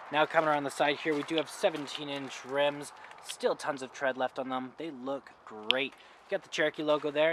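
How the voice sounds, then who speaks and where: Young man, friendly dealership salesman, casual on-camera walkaround, light outdoor noise. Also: on the high side. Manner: friendly, upbeat, plain-spoken with small slips. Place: outdoors at a car lot and inside a vehicle.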